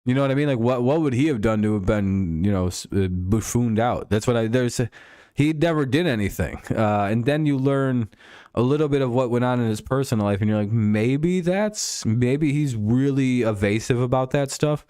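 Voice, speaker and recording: A man's voice: medium pitch, moderate pace, dark tone, clear, resonant tone, no echo, clean studio sound. Rambling man chatting on stream. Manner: rambling, joking, crude. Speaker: streamer host. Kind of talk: casual sports chat.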